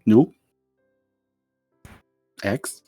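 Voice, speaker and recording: A man's voice: extremely slow, dark tone, soft background music. A man running a tabletop game as game master, talking casually and laughing easily. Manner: easygoing, laughs often.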